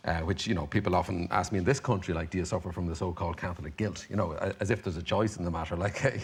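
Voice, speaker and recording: A man's voice: deep voice, steady tone, racing, slightly rough. An Irish man, a comedian guest on a chat show, telling rambling self-deprecating anecdotes full of "you know" and "like". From Ireland.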